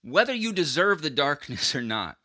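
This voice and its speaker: A man's voice: a little high, very animated, normal speed, pushed and bright, dry recording, studio quality. A man preaching an earnest, conversational sermon, often restarting his sentences. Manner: earnest, acts out quoted voices, frequent restarts.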